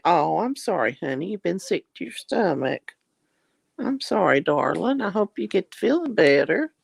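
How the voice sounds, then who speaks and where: A woman's voice: medium pitch, creaky, breathy edge, no echo. A middle-aged woman, chatting on her livestream and reading out viewer comments, calling them honey and darling. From Southern US. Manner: warm, affectionate, calls viewers honey and darling. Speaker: livestream host.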